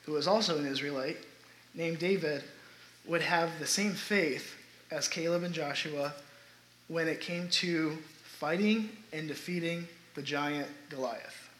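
A man's voice: fairly high pitch, fairly bright tone, slight background noise. A man preaching a sermon to his congregation in a church sanctuary, talking earnestly and building emphasis. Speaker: pastor. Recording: roomy echoey sanctuary sound.

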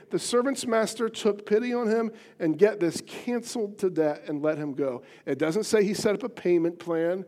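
High-voiced earnest male preacher. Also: expressive, moderate pace, a little mellow. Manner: earnest and emphatic, repeats phrases for stress. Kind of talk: sermon teaching from a Bible passage.

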